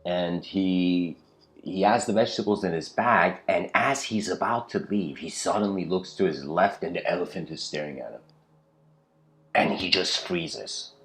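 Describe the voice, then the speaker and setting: Low-voiced man lecturing casually. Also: moderate pace. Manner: casual, rambling, full of "you know" and "like". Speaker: spiritual lecturer. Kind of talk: storytelling spiritual lecture.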